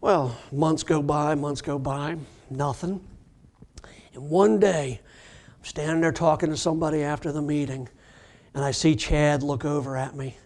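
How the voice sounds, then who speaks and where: A middle-aged man, a recovery doctor, telling a personal story in a lively, self-mocking way and acting out the dialogue. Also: on the high side, unhurried. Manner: animated storyteller who acts out dialogue. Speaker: addiction recovery doctor giving a talk.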